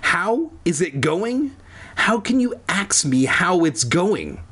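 A man doing a shrill, whiny schoolboy. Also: very animated, slow pace, pushed and bright, husky, full character voice. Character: anxious, whiny boy writer, schoolkid.

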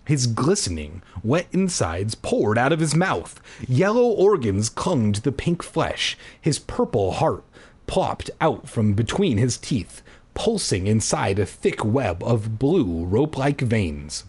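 A man reading a kids' horror book aloud for laughs, breaking in with sarcastic, deadpan asides. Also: mid-range voice, slow pace, breathy edge. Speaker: reader.

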